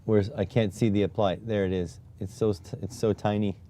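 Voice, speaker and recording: Fiddling with display settings during a live stream, a man grumbles to himself and keeps sighing "oh my God" in exasperation. His warm voice is on the low side, delivered flatly at a moderate pace, in a casual live-stream style.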